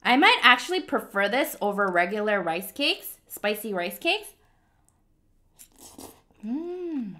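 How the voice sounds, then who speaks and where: Playful woman vlog host, bright tone, lively pitch, eats on a close mic. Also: moderate pace, few pauses. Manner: chatty, playful, cutesy meowing. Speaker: mukbang host. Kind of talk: casual eating vlog. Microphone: close mic picking up eating sounds.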